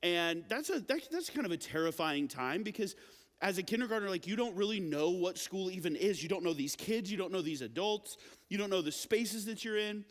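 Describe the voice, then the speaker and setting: Delivering a youth sermon in a large, echoing hall where long reverb follows every phrase, a young pastor speaks in a high, light voice. He's expressive and brisk, chatting with teens like a storyteller and using plenty of fillers.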